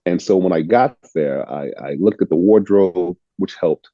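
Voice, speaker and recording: An older man from the United States, an actor being interviewed, telling stories in a reflective, unhurried way and repeating words as he restarts. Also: low-pitched, warm tone, no room sound, dull audio. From United States (Illinois). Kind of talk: casual storytelling interview.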